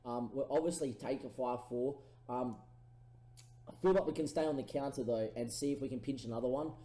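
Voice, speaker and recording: A man's voice: mid-range voice, a little fast, echoey room, low-quality recording. A man casually commentating his own football management game, thinking aloud through his tactics. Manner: thinks aloud, erupts into excited goal calls. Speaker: gaming streamer.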